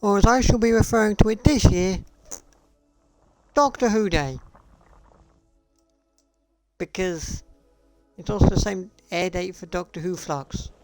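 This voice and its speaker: A man's voice: high voice, measured pace, pauses often, darkish tone, no room sound, faint music behind. A man streaming live, ranting in a sarcastic, profane and repetitive way. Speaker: gaming streamer. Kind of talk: casual live-stream rant.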